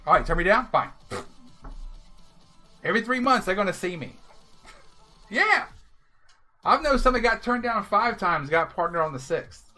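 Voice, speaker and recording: A man streaming live, giving viewers blunt, animated advice in casual talk. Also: sits high, moderate pace, long pauses, soft background music. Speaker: game streamer.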